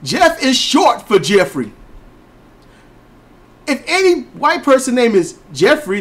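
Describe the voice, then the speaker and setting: A man co-hosting a podcast, ranting and telling stories in an emphatic way. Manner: emphatic, storytelling, lively pitch swings. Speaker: podcast co-host. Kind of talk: casual ranting commentary.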